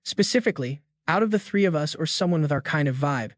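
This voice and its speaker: A man's voice: on the high side, animated, quick pace, dry recording, close to an everyday voice. A man doing a shy young woman. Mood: hesitant. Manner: hesitant, soft.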